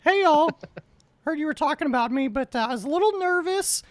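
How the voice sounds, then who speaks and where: A high, bright voice of a punning, giggling woman named Dorothy, as a woman puts her on. She fires off jokes in quick bursts, close and dry to the mic with no room sound. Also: lively intonation, no room sound. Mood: teasing. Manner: rapid pun-heavy jokes, giggly.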